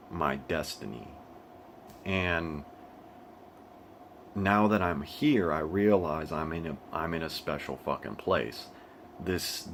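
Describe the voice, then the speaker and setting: Deep-voiced young man rambling to camera. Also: a little hiss or hum. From United States. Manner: rambling, with frequent restarts and laughs. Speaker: vlogger. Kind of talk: casual monologue. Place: living in Asia.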